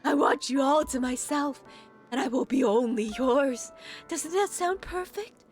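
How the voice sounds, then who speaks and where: Obsessive lovestruck young woman, as a woman voices her, breathless confessions, lively high voice, game music faint behind. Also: unhurried. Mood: yearning. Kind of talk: reading game dialogue aloud.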